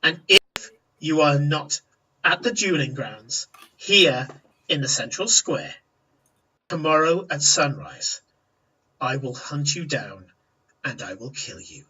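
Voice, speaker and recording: A man playing a menacing tusked orc, slow and low as he threatens. The voice sits somewhat far from the mic, a bit distant in the room. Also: animated, pushed and bright, husky, full character voice. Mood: threatening.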